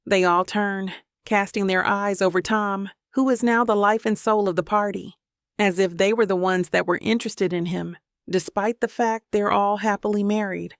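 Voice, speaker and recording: A woman narrating a first-person romance audiobook in an even, steady reading voice. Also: mid-range voice, normal speed, no echo, studio quality.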